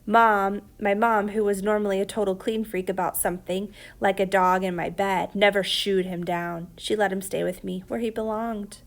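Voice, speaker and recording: Gravelly woman reading a story aloud. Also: medium pitch, little pitch movement, normal speed, hardly any pauses. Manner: quiet, reflective, dropping to whispers. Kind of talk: audiobook narration.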